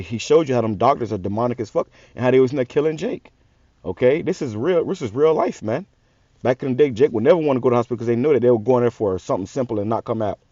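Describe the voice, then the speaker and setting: A man's voice: medium pitch, mellow, no room sound, lo-fi sound. A man hosting a religious channel, giving a heated, profane, repetitive rant-style sermon. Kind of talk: ranting street sermon.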